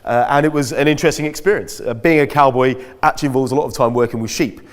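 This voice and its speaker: A man's voice: mid-range voice, quick pace. Self-mocking man in an echoey hall. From Britain. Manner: chatty, self-mocking storyteller. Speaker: guest speaker at a school. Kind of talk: anecdotal talk to an audience. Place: school hall.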